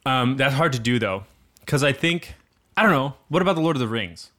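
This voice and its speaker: A man's voice: medium pitch, expressive, brisk, fairly bright tone. A man hosting a casual podcast chat, laughing often and rambling animatedly between topics. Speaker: podcast host.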